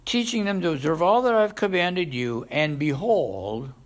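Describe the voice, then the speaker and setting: A man preaching a sermon as a pastor, with sudden loud rises and soft drops. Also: fairly high pitch, expressive, a little slow.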